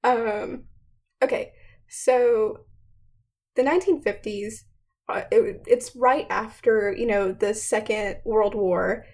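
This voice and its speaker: A young woman giving a casual, chatty history explainer, full of fillers and quick laughs. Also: medium pitch, fairly even intonation, a little mellow. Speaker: student presenter.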